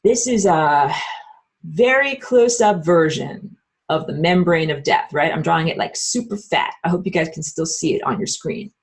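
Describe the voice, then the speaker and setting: A woman's voice: sits low, moderate pace. A woman giving a casual online spiritual lecture while she draws, talking bluntly and emphatically, with lots of "like" and some swearing. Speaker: spiritual teacher.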